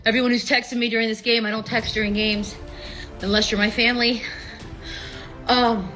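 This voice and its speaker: A woman in her fifties, out of breath and excited, talking fast and swearing as a sports fan on a live stream. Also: on the high side, faint music behind, low-quality recording. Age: 50s. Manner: excited, swearing, laughing between lines.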